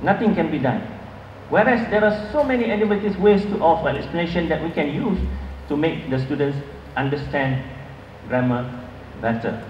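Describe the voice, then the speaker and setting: High-voiced man lecturing in echoey hall. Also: lively intonation, normal speed, slight background noise. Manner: earnest, emphatic, with filler restarts. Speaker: conference speaker. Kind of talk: academic lecture. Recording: echoey hall, far from mic, dull.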